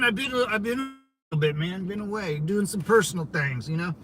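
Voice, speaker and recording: A man's voice: high voice, lively intonation, fairly quick, a bit bright, faint music behind, poor audio. A man livestreaming casually from his car, rambling loosely and greeting viewers by name. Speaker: vlogger streaming while driving.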